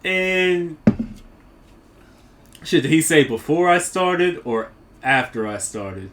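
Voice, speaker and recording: A man's voice: a little high, animated, slow pace, long pauses, a bit bright. A man co-hosting a casual podcast, laughing often as he tells a story and mimics the people in it. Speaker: podcast co-host.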